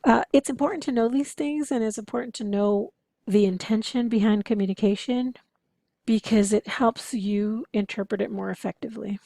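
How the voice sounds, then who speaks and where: Female instructor, encouraging lecture tone, mellow voice with a dry, close sound. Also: fairly high pitch, normal speed, creaky, no echo. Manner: explanatory, encouraging, occasionally laughing. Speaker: interpreting instructor. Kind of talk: recorded lecture over slides.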